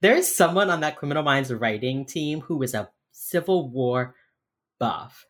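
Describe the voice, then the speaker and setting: A woman's voice: deep voice, expressive, moderate pace. A woman co-hosting a casual podcast chat, rambling with many fillers and swearing as she acts out quotes from a show. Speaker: podcast co-host recapping a TV episode.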